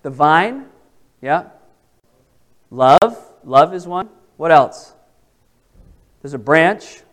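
A man's voice: a little high, animated, very slow, fairly bright tone. A man leading an interactive Bible study, talking casually and asking the group questions. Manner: conversational, asks the group questions.

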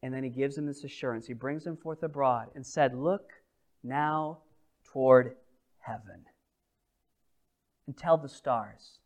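Slow, dramatic preaching man. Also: mid-range voice. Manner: dynamic preaching, swings from loud proclamation to hushed intimate delivery; reads scripture slowly and deliberately. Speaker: pastor. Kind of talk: sermon.

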